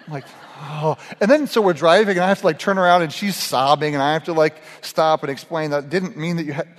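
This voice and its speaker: A man's voice: a little high, fast talker. A middle-aged man giving a casual, humorous sermon to a group. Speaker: pastor. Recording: echoey hall reverb.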